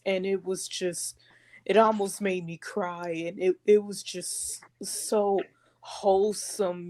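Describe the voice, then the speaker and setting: A woman co-hosting a podcast in casual chat, soft-spoken and hesitant. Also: on the low side. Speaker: podcast co-host.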